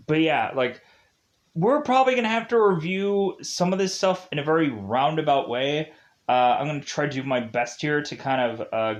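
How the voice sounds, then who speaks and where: A man giving a casual spoiler review of a TV show, rambling with many fillers and frequent laughs. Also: medium pitch.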